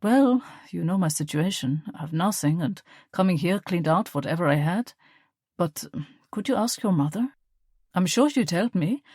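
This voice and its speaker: A woman voicing a young German man who is charming on the surface but controlling, speaking smoothly with a sharp edge, recorded dry. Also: fairly low pitch, expressive, normal speed, no echo.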